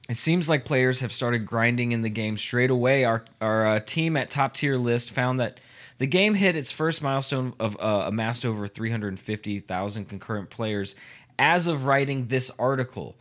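A man's voice: medium pitch, animated, moderate pace, a bit bright. A podcast host with a mid-range voice reads out a gaming news article. He stays casual and loose, stumbling over words and laughing at his own slips. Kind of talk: casual chat, reading an article aloud.

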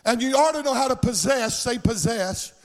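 A man preaches a sermon in a church sanctuary. His voice sits very high, and he lilts his lines in a sing-song cadence that climbs into impassioned shouts. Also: moderate pace. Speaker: pastor.

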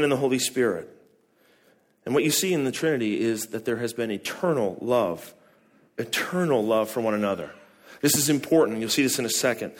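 Conversational male pastor preaching a sermon. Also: medium pitch. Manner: conversational preaching, asks the congregation questions.

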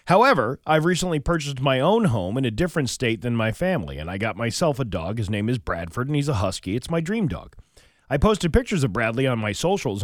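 A man's voice: medium pitch, dry recording. A man hosting a morning radio show, reading listener posts aloud and chatting about them with a co-host in a studio.

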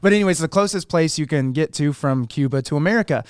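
A young man co-hosting a casual chat, telling lively stories and laughing as he goes. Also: on the high side, fast talker, clean tone, no echo, clean studio sound. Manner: animated, laughs through his stories. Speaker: podcast co-host.

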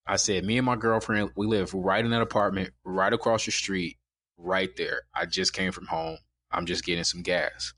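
Young man, low voice, calm storytelling, dry close sound. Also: moderate pace, no echo. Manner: calm, quoting others in his own voice. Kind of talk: casual storytelling.

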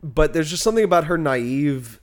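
A man's voice: fairly high pitch, expressive, a little fast. Chatty man co-hosting a film podcast. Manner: chatty, leans on "like" and fillers. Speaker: podcast co-host. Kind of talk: casual film discussion.

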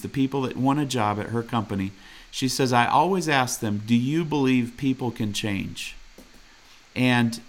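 A man preaching a sermon in an earnest, direct way, reading scripture aloud and challenging listeners with questions. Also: medium pitch. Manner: reads scripture aloud and comments on it.

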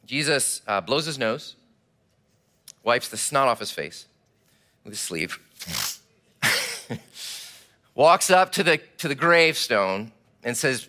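A man preaching a sermon, telling the story with animated, acted-out delivery. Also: medium pitch, a little slow, long pauses. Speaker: pastor.

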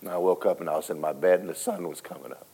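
Man, preacher, low voice, dramatic storytelling sermon, loud then hushed. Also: quick pace, creaky, slightly rough. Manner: folksy, speaks to the congregation directly.

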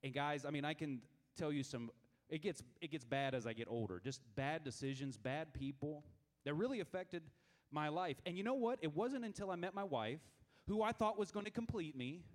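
A man in his thirties telling funny stories to a youth group, animated and self-mocking, with many stammered restarts. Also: on the high side, a little fast. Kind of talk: lively storytelling talk to a youth group.

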